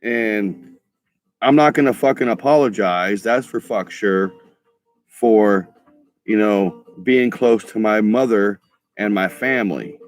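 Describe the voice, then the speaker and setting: A man's voice: fairly low pitch, slow. Profane ranting man, stammering. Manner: profane, heated, stammering restarts. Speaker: vlogger. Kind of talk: ranting monologue.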